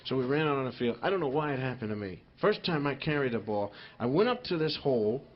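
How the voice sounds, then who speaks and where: A man telling stand-up stories live in a rambling, animated way, full of "you know". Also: mid-range voice, fast, slight background noise. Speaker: stand-up comedian. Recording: dull live album with crowd laughter. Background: audience laughter.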